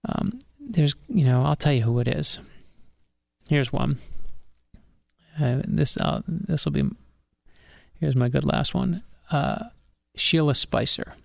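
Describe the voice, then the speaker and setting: A middle-aged man, an author being interviewed on a podcast, telling a personal story with animated energy and acting out the people he quotes. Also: fairly high pitch, slow, vocal fry, long pauses, no echo, studio quality. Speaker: author guest.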